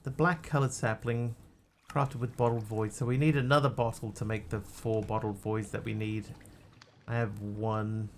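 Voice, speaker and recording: A man's voice: lowish voice, level tone, normal speed, a little hiss or hum. A man streaming a game, chatting casually and answering his chat as he plays. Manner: chatty, greets and answers chat while playing.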